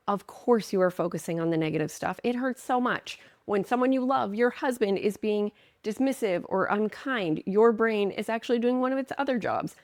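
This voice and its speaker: A woman's voice: medium pitch, a little mellow, no echo, clean studio sound. A woman speaking as a marriage coach in an earnest, emphatic way, with playful asides. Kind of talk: direct-to-camera coaching talk.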